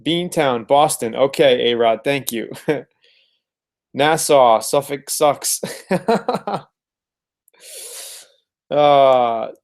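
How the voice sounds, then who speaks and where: A man's voice: medium pitch, lively intonation, drawn-out words, long pauses. A man hosting a casual live stream from home, upbeat and fond of repeating words as he greets viewers. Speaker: host of a live car-flipping webinar.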